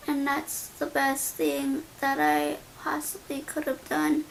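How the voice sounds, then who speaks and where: Young woman doing makeup and telling a story, high voice, slangy and dramatic, light hiss. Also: slow, gravelly, hardly any pauses. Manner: animated, slangy, dramatic retelling. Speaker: beauty vlogger.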